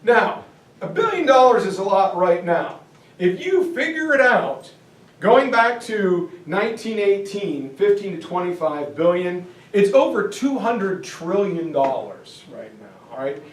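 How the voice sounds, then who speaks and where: High-voiced joking male lecturer, echoey room. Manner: animated, joking, slips into comic voices. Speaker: history teacher. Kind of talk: jokey classroom lecture. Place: classroom or hall. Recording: echoey room, far from mic, faint hiss.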